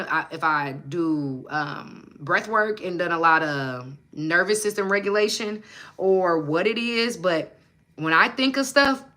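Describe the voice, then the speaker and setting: Young woman, bright and forceful, slightly low-pitched; blunt, profane livestream motivator. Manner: blunt, profane, preachy and emphatic. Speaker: manifestation coach and livestream host. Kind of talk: casual livestream chat with viewers.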